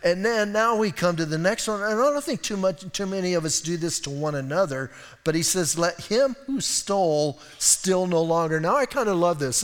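An older man preaching a sermon as a pastor, telling folksy stories with animated asides. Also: high-pitched, long reverb tail. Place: church sanctuary.

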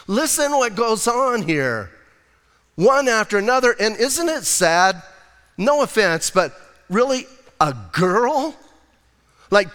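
A man preaching a conversational sermon, his fairly high voice swinging widely up and down as he acts out scenes. He sounds like he is in a church sanctuary, with a long echo trailing off the walls. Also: a little slow. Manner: animated, conversational preaching with slang and acted-out quotes. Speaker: pastor.

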